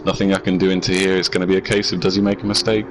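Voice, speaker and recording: A man with a very deep voice talks through a video game race in a relaxed, friendly way. Game music plays faintly behind him. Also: very fast, rough recording. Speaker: co-commentator and racer. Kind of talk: casual chat about a race.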